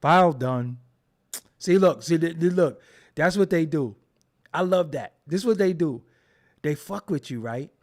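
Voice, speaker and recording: A man's voice: on the high side, a little mellow. A man hosting a casual livestream, ranting at his chat in a profane, mocking way. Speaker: show host.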